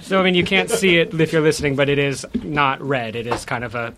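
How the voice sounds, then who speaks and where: A man explaining a cocktail he made, with hesitant pauses. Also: fairly high pitch, steady tone, noisy background. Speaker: guest mixologist. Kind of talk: casual chat.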